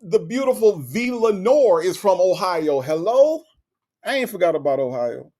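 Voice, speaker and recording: Male livestream host from Florida, slightly high voice, animated casual chat with stammered restarts. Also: normal speed. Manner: animated, reads chat messages aloud, frequent stammered restarts.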